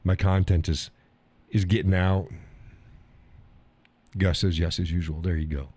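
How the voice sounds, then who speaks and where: A man's voice: deep voice, fairly even intonation, unhurried, darkish tone, breathy edge. A man hosting a casual live stream, joking in a folksy way, reading viewers' comments aloud and laughing often.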